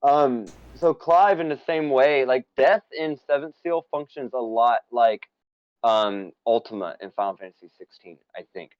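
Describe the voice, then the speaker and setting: Speaking at a normal speed with a medium pitch, this American co-host of a casual stream, who also writes essays and co-hosts a podcast, chats enthusiastically about a film and a game. He rambles, leans on fillers and drifts into tangents; the audio is muffled, with no room sound.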